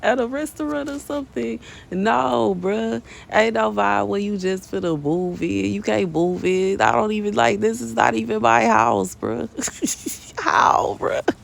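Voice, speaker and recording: Gravelly, animated woman. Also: mid-range voice, unhurried. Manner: animated and slangy, laughing often, calls listeners baby and bruh. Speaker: prophetic message reader. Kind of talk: casual prophetic message video. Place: bedroom in her mother's house.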